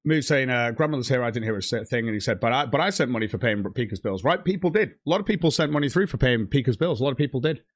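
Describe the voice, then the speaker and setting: Speaking quickly with hardly any pauses, a man with a medium-pitched voice lets loose an angry, profanity-heavy stream rant, reading the chat aloud as he goes. He sounds animated, and the sound is clean studio quality without echo.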